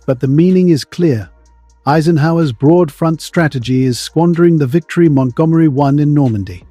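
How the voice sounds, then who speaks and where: A man's voice: on the high side, mellow, no room sound. A man narrating a dramatic history story in the present tense.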